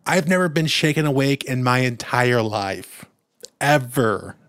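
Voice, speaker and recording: A young man co-hosting a podcast, telling a story in casual chat and acting out quotes in a raised voice. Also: measured pace. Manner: animated storyteller, acts out quotes in a high voice. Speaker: podcast co-host.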